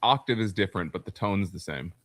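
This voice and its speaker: A man's voice: low-pitched, brisk, a bit bright, no room sound. A man co-hosting a boxing podcast in casual chat, matter-of-fact, moving the talk along.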